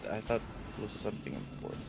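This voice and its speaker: A man streaming a game, casually musing to himself about what to do next. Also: a little fast. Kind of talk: live gameplay commentary.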